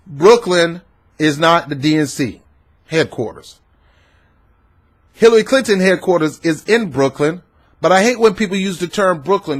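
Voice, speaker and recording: Man, slightly high voice, emphatic commentator who repeats his points and talks back at the people he covers. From Southern United States. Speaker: political commentator. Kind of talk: ranting political commentary.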